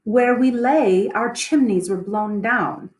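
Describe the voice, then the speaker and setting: A woman reading the part of a nobleman, in measured verse. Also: fairly high pitch, a little mellow, roomy sound, far from the mic. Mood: ominous. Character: nobleman describing a stormy night.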